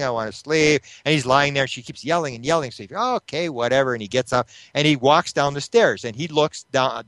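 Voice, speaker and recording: A man being interviewed, telling a long story with animated retelling, acting out the voices of the people in it. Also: medium pitch, dry recording. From Canada. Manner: animated retelling that acts out quoted voices, with restarts. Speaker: interview guest, UFO researcher.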